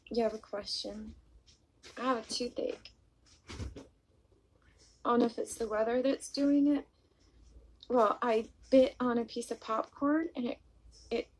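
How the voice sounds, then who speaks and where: Husky-voiced woman chatting on a live stream. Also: a little high, rough recording. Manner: soft, confiding and apologetic, talking openly about her mood disorder. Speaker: vlogger hosting a live stream. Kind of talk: casual live-stream chat, greeting viewers and reading comments.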